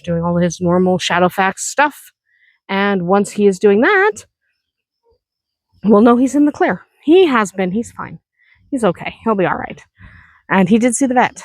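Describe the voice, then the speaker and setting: A woman's voice: mid-range voice, no echo. Chatty woman farm vlogger, dry sound. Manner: chatty and reassuring, talking while walking around the farm. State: tired and sore after heavy lifting. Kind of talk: casual vlog chat. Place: outdoors on a farm.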